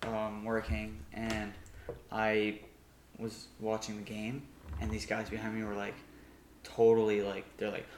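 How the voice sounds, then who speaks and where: A man's voice: lowish voice, monotone, unhurried, a little mellow. A man co-hosting a casual sports podcast, talking hesitantly and repeating words as he goes. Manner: hesitant, repeats words while searching for them. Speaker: podcast co-host. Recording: echoey room, faint noise.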